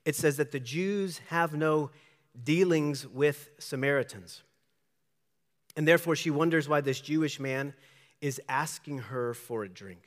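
A man's voice: fairly high pitch, a little slow. Man preaching in a reverberant hall. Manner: emphatic, questioning preacher who acts out the people in his story. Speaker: pastor. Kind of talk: sermon.

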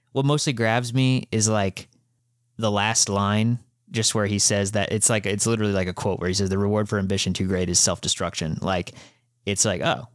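A man's voice: lowish voice, no room sound, studio quality. A man co-hosting a podcast, recapping a manga in loose, rambling casual chat, full of fillers and casual swearing. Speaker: podcast co-host.

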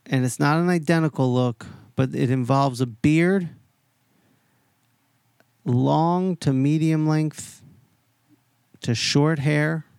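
A man hosting a podcast, telling a long story in a casual, animated way, heavy on swearing and quoted voices. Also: fairly high pitch, vocal fry, clear, resonant tone, dry recording, clean studio sound. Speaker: podcast host.

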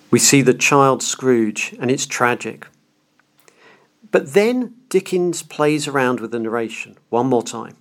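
A man's voice: medium pitch, animated, unhurried. Earnest man explaining a classic novel. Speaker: podcast host. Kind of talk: literary lecture podcast.

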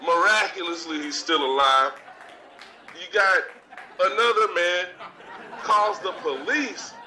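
A man doing a swaggering, foul-mouthed talk-show braggart who rants in a high voice and drawls his words out slowly. His ranting is caught from far off on a theater stage. A noisy crowd and a loud background hum sit under it. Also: heavily acted. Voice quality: profane, swaggering delivery. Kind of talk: live comedic stage rant. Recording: distant live recording with crowd noise.

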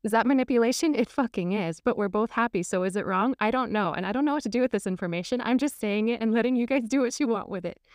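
A woman's voice: fairly high pitch, fast, hardly any pauses, darkish tone, dry recording. Woman, relationship coach, frank and outspoken, laughs easily, dry close sound. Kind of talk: candid podcast conversation.

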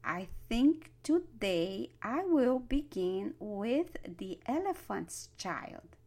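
A woman's voice: fairly high pitch, sing-song, very slow, a little mellow, heavily acted. A woman voicing a menacing male crocodile who talks through clenched teeth.

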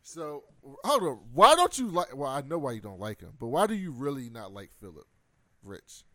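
A man at a middle pitch hosts a relaxed podcast, retelling a TV episode scene by scene. He tells it with lively energy and laughs often. The recording is dry and close. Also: moderate pace, no room sound. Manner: animated storytelling with frequent laughs. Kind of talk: casual chat recapping a TV episode.

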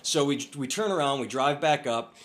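A man's voice: medium pitch, moderate pace. Male podcast co-host, mid-range voice, loose rambling storyteller. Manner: rambling, animated storyteller with profanity and restarts. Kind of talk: casual storytelling chat. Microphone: over a phone-computer call.

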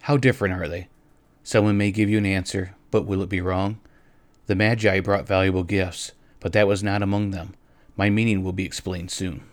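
A man voicing a quiet young husband in a read-aloud story, speaking slowly and steadily. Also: low-pitched, level tone, dry recording, natural voice. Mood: calm. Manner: slow, measured.

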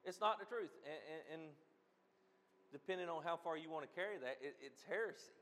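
A pastor preaching with a high voice, swinging between loud, emphatic declarations and quiet asides. His sermon rings with the long reverb of a large hall. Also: brisk.

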